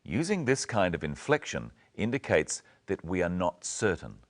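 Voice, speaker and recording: Deep-voiced man teaching clearly. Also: big pitch swings. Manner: slow, clear teaching delivery. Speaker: presenter. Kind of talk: scripted language-lesson narration.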